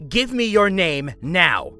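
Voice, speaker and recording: A man voicing a shrill, furious, entitled woman customer who screams, bullies and interrupts. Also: sing-song, moderate pace, pushed and bright.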